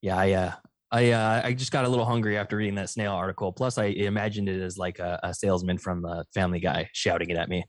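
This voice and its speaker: A man's voice: deep voice, fairly even intonation, fast, no echo, studio quality. A man hosting a podcast in casual chat, rambling and laughing often. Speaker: podcast host.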